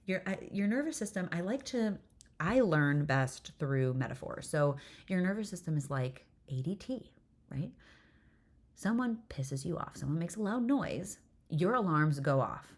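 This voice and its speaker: A woman's voice: on the low side, expressive, unhurried. A woman hosting a solo podcast, telling a candid parenting story in a chatty, self-deprecating way, laughing often and swearing casually. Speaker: podcast host, nervous system coach.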